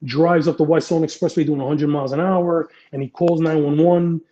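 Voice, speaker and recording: A man's voice: fairly high pitch, steady tone, fairly quick, warm tone, dull audio, a little hiss or hum. A middle-aged man, a retired police detective, telling blunt, profane anecdotes in a casual interview.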